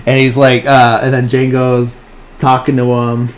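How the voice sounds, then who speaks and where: A man's voice: medium pitch, completely flat delivery, measured pace. A man hosting a podcast, casually retelling a film's plot in a loose, rambling way and briefly acting out the characters' lines. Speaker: podcast host. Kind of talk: casual movie plot recap.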